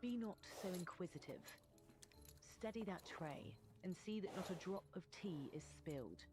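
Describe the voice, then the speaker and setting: A woman's voice: lowish voice, lively intonation, moderate pace, over music, lightly acted. A woman voicing a stern older female head servant in a game, giving firm, formal orders. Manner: firm, scolding, formal old-fashioned speech.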